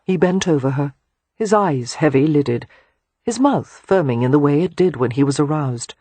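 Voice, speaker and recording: Reading a romance novel, an audiobook narrator with a mid-range voice speaks softly, hushed and unhurried, yet animated. There's no echo.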